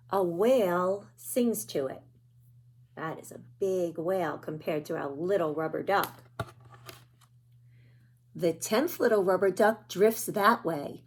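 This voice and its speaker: A woman reading a picture book aloud to young children, gentle and pointing out the pictures as she goes. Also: medium pitch. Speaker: children's storyteller.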